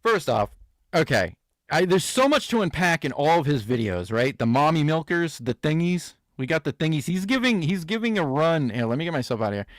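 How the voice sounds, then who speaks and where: Brief: male reaction host, sarcastic riffing, slightly high voice, dry close mic. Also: big pitch swings, a little fast, no echo. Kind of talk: comedic reaction commentary.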